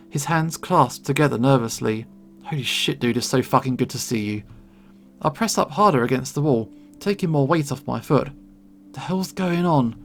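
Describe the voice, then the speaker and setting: A man narrating a first-person game story in a tense, steady reading over soft background music. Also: mid-range voice, gravelly. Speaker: gamer reading a visual novel.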